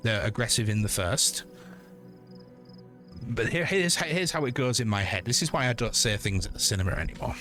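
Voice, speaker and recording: A man in his forties, a streamer ranting casually and swearing, with lively storytelling. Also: medium pitch. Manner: sweary, animated storytelling with mock voices. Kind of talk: casual rant while gaming.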